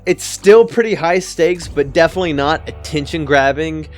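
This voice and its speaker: A man's voice: fairly high pitch, normal speed, faint music behind. A man in his twenties telling stand-up stories in a casual, rambling way, often swearing. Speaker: comedian. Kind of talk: stand-up storytelling.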